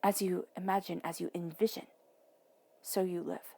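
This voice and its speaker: Woman, tarot reader, gravelly mellow tone, soothing delivery with whispered emphasis. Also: lowish voice, flat delivery, normal speed. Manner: playful asides, acts out voices in quotes. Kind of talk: intuitive tarot reading monologue.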